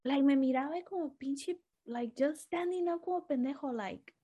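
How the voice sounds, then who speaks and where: Animated bilingual woman. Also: high-pitched, normal speed. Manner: animated storytelling, switching between English and Spanish, swearing freely. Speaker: podcast co-host. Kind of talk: casual chat.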